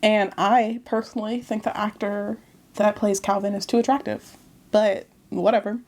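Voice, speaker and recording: A woman chatting casually to camera as she reviews a book, animated and talkative, often laughing between remarks. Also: medium pitch, moderate pace.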